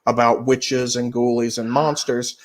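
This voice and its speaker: A man's voice: medium pitch, little pitch movement, measured pace. A man co-hosting a podcast, recommending books and films in casual chat with an emphatic, profane manner. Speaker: podcast co-host.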